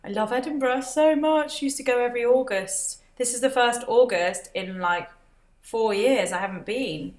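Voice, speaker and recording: A woman's voice: on the high side, moderate pace. A woman hosting a casual livestream, chatting, laughing often and reading out viewer comments. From Britain. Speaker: livestream host. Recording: roomy echo.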